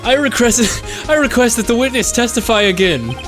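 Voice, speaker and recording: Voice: medium pitch, expressive, moderate pace, music in the background, pitched above the performer's own voice, lightly acted. A streamer voicing a flustered young male defense lawyer, reading lines aloud and stumbling over them. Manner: flustered, stammering.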